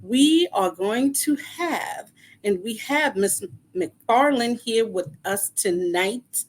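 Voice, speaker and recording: A woman's voice: fairly high pitch, lively intonation, slow. A woman hosting a podcast interview, talking in an encouraging, folksy way and often checking in with her listeners. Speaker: podcast host.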